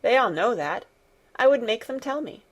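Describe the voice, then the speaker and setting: A woman's voice: fairly high pitch, lively intonation, moderate pace, pitched above the performer's own voice. A woman narrator voicing a sickly, spoiled ten-year-old boy who speaks indifferently and commandingly in an audiobook. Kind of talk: audiobook character reading.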